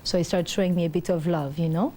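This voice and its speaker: Fairly low in pitch, she's a fast talker, and a little hiss or hum is audible. This middle-aged interview guest rambles through a personal story packed with fillers, animatedly doing the voices of the people in it.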